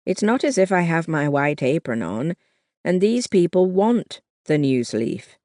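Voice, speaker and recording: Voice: mid-range voice, very animated, measured pace, darkish tone, no echo. An audiobook narrator voicing a bold, defiant young woman who answers back eagerly, in a dry, close recording. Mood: spirited.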